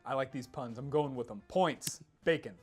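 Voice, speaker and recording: A man hosting a casual esports panel chat, laughing often and swinging his pitch widely. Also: moderate pace, breathy edge, faint music behind. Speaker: host.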